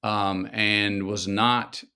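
A man, a guest telling stories slowly and thoughtfully in an interview. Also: lowish voice, little pitch movement, bright, forceful tone, smooth. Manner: slow, reflective storytelling with drawn-out pauses. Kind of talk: conversational interview.

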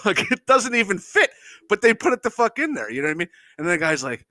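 A man riffs unscripted on his podcast, cursing freely and rambling through exasperated complaints. His slightly high voice leaps around in pitch. The sound is dry and close, with no room around it. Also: very animated, pushed and bright, dry recording. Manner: profane, exasperated, mocks people in quick impressions; rambling, unscripted, frequent fillers and chuckles. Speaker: podcast host. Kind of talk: casual comedic rant.

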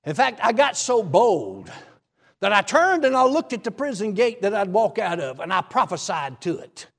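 A male preacher giving a sermon testimony as animated, folksy storytelling that bursts into shouts. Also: high voice, moderate pace, gravelly, long reverb tail.

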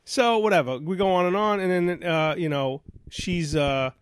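A man's voice: sits high, normal speed, a little hiss or hum. A man telling a rambling story in a casual talk show chat, full of restarts and quoted dialogue. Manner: rambling, animated, many restarts. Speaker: radio show host.

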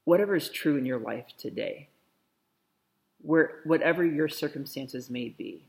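Slow gravelly-voiced male preacher. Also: a little high. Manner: slow, reflective preaching with soft repeated blessings. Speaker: pastor. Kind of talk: sermon.

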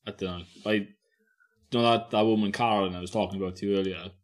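A man's voice: on the low side, fairly even intonation, fast talker. A man chatting as a guest on a podcast, rambling through stories with restarts and frequent laughter. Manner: rambling storyteller, mumbles and restarts, laughs a lot. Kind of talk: casual chat.

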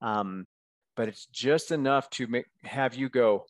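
A man's voice: mid-range voice, unhurried, no room sound. A man speaking as a guest coach in a casual podcast interview, talking candidly and encouragingly and often checking in with "right?". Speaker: guest, men's coach and author.

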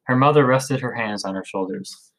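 A man narrating a story in a steady reading voice, with occasional slips and restarts. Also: medium pitch, moderate pace, poor audio. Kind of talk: audiobook narration.

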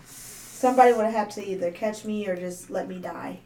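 A woman's voice: medium pitch, normal speed, warm tone. A woman co-hosting a casual podcast chat, giggly and emphatic. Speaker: podcast co-host. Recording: echoey room.

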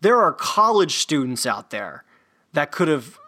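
A man's voice: on the high side, big pitch swings, measured pace, sharp tone. A man hosting a solo sports podcast, rambling loosely with lots of fillers and restarts. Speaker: podcast host.

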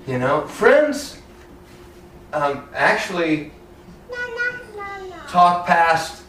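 A man preaching a sermon in a church, lively and conversational, often acting out Bible characters in casual everyday voices. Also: fairly high pitch, a little hiss or hum. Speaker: pastor. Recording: roomy echo, heard from a distance.

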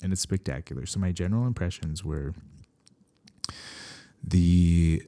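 A veterinarian talking casually and at length, wandering into wry, sarcastic asides. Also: male voice, low voice, measured pace, mellow, no room sound. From Canada. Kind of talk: casual podcast talk.

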